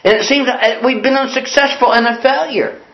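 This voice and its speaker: A man's voice: very high-pitched, moderate pace. A man preaching a sermon in an earnest, storytelling way, repeating key lines for emphasis. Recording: echoey, dull lo-fi sound.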